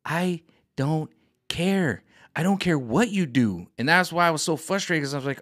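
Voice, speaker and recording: Animated man ranting to camera. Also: a little high, normal speed, no room sound, clean studio sound. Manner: animated, exasperated, jumps into quoted voices. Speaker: vlogger. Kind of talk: casual rant to camera. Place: home room set up for streaming.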